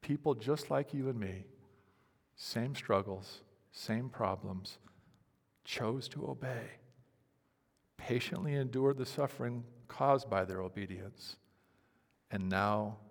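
A man preaching a sermon as a pastor, with a dramatic delivery that swings from loud pleading to hushed near-whispers. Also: fairly low pitch, fairly even intonation, takes it slowly, creaky, pauses often. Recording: reverberant hall.

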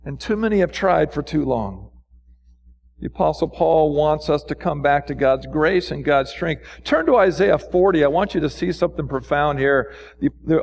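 With fervor, a pastor preaches a sermon packed with rhetorical questions. His pitch swings upward whenever he urges his listeners on.

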